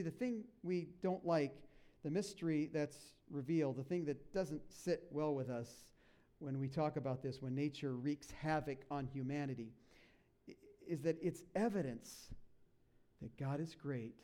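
Here a man preaches with lots of energy, voicing the people he quotes and turning to the congregation with asides. He is a pastor, and his voice is a little high.

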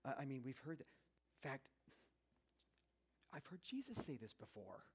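A male preacher giving an animated, conversational sermon that swings between loud bursts and hushed asides. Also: medium pitch, normal speed, husky.

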